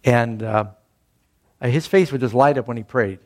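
An older man preaches in an easygoing, conversational way and weaves a personal story into the sermon. He speaks at a moderate pitch and pushes up louder and higher whenever he quotes scripture or other people. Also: measured pace. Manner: conversational, rising loudly for quoted scripture and speech. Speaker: pastor.

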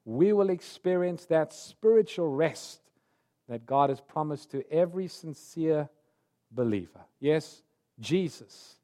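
A man preaching a sermon, telling a story earnestly and moving between loud urgent phrases and soft quiet ones. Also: a little high, expressive, slow pace.

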